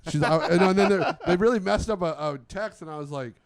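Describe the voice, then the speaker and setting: A man's voice: sits high, brisk. A man co-hosting a podcast in a studio, trading jokes in casual chat and laughing often. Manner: laughs often, lively banter.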